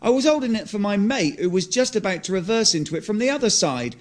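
A man's voice: high-pitched, fast talker. A man voicing a lazy, hot-tempered young British man who swears and rants as he tells a story. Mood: ranting. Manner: ranting, swearing, animated storytelling.

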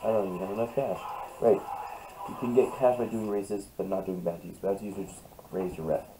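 A young man with a fairly low voice chats over his racing game, rambling and hesitant, full of ums and restarts. Loud noise hangs under the recording. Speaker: gameplay video host. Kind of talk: casual gameplay commentary.

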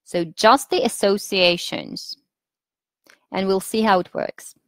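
A woman with a Russian accent leading a webinar lesson for teachers, patient and instructive, pausing often with fillers as she thinks. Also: medium pitch, a bit bright, no room sound. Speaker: teacher trainer.

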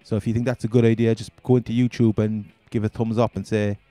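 A man's voice: lowish voice, little pitch movement, fast, warm tone, dry recording, soft background music. A man with a Cork accent, chatting casually and rambling through his first gaming commentary as a channel host. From Ireland.

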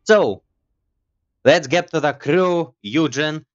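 A man's voice: a little high, slow, highs cut off, faint music behind. A man doing let's play commentary as a gaming YouTuber, rambling and teasing himself. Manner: rambling, self-mocking chatter.

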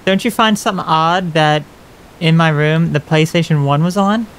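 Fairly high-pitched and clean in tone, a man speaking at normal speed hosts a let's play of a horror game. His commentary is casual and chatty, with wry comments aimed at the characters.

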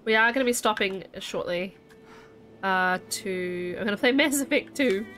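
A woman live-streaming a game in a chatty, animated way, with a mid-range voice that often rises into a questioning lilt. Game music plays faintly underneath. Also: medium pitch, normal speed. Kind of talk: casual game commentary.

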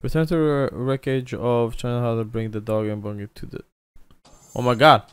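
A young man giving loud, joking, profane commentary while playing a video game. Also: medium pitch, steady tone, normal speed, clear, resonant tone. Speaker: gaming video creator. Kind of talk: let's-play commentary.

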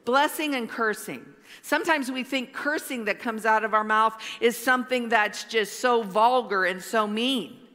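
A woman pastor preaching a sermon slowly and emphatically, with dramatic pauses. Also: fairly high pitch, sharp tone. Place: large church hall. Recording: long hall reverb.

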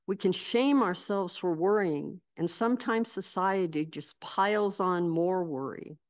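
A woman pastor preaches a sermon at an unhurried, deliberate pace. Her voice sits a little low, and she tells stories in a measured, reflective way.

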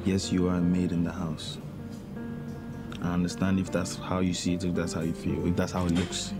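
An actor playing an earnest young man pleading with the maid he loves, speaking in an even, reassuring way. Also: low voice, normal speed, lightly acted. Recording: guitar music under the voice.

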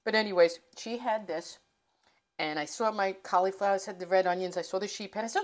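A woman's voice: medium pitch, fairly even intonation, brisk. A middle-aged woman hosting a cooking channel, chatting casually and rambling from her home kitchen. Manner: chatty, rambling, self-interrupting.

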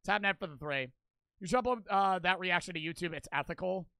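High-voiced young man ranting casually. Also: fairly quick, pushed and bright, smooth, dry recording. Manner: loose, profane, rambling. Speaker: reaction streamer. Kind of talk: casual reaction commentary.

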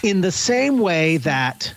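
Guy on a video call roundtable, kinda high voice, thinks out loud and corrects himself. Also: big pitch swings, takes it slowly, creaky, low-quality recording. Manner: thinks aloud, self-correcting. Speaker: panelist. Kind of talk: casual roundtable discussion.

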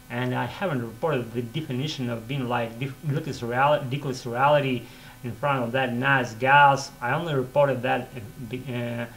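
A man's voice: mid-range voice, a bit bright, slight background noise, rough recording. Russian-accented man rambling in English. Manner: halting, many fillers and restarts, non-native phrasing. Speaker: vlogger practicing English. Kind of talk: casual rambling monologue.

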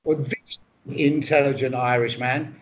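A man's voice: mid-range voice, fairly even intonation, a little slow, slight background noise. A man from England improvising a comedy chat, rambling and sweary with a mock-earnest tone. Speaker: comedy co-host.

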